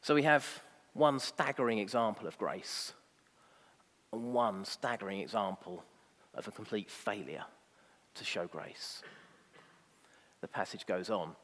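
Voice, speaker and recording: A man's voice: fairly low pitch, measured pace, long pauses, a bit bright, in a large hall. A man preaching a sermon, emphatic and fond of rhetorical asides.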